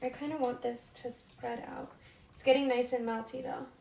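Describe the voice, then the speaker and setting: A woman's voice: on the high side, fairly even intonation, normal speed, creaky, noisy background. A woman hosting a live cooking stream from her home kitchen, chatting casually, reading out viewers' names and talking to herself as she cooks.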